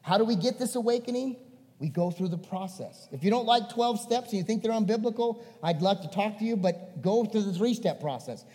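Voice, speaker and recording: A male pastor preaching a sermon, swinging between emphatic and hushed. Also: high-pitched, a little fast, big-room sound.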